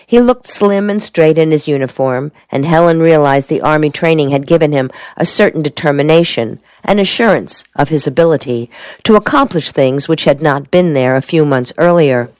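A woman narrating a novel in a steady, measured audiobook reading. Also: low voice, dry recording.

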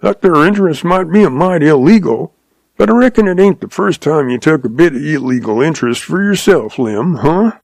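A man puts on the voice of a shrewd old cowboy, drawling in a calm, folksy way with sly amusement at everyone else. The voice is pushed up, sitting high and well above his own, with a gravelly edge. The pace is moderate and the sound dry and close, with no echo.

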